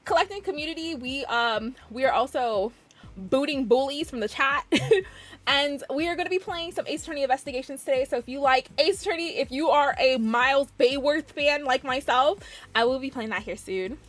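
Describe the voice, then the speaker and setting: A woman's voice: sits high, moderate pace. A young woman streamer chatting casually with her viewers, gushing and giggling, often restarting her sentences. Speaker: variety streamer.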